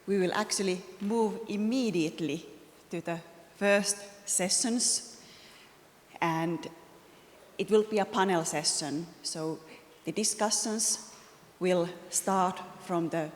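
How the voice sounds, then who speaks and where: Slow, measured woman announcing on stage. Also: lowish voice. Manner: slow, measured, searching for words. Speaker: conference host. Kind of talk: formal event announcement. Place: large conference hall. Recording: long hall reverb, faint background noise.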